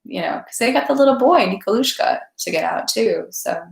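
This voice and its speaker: A woman's voice: on the high side, a little fast, gravelly, hardly any pauses. Woman reading a novel aloud, roomy echo. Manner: steady reading, chatty afterward. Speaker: read-aloud host. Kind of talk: literary narration, then casual chat.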